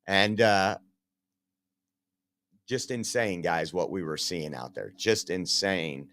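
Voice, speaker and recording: A man's voice: sits low, slow pace, pauses often, fairly bright tone. A man hosting a podcast, giving emphatic, sarcastic, rambling commentary. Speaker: podcast host. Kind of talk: opinionated commentary.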